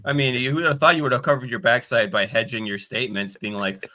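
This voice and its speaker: Bright-voiced man in casual chat. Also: mid-range voice, fairly even intonation, fast. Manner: chatty, joking, wry asides. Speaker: stream host. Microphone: video call.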